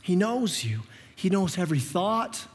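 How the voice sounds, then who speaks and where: High-voiced pastor preaching in a reverberant church. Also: male voice, unhurried. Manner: animated, conversational, repeats words as he restarts. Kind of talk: sermon. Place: church sanctuary.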